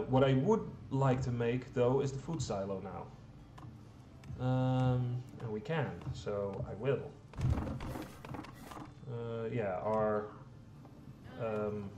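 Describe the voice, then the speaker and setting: A man's voice: medium pitch, fairly even intonation, slow pace, long pauses, dark tone, highs cut off. A man giving rambling, casual commentary while playing a strategy game, full of fillers and the odd swear word. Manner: rambling, self-deprecating, frequent fillers and mild swearing. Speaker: let's play host. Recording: roomy echo, faint background hum.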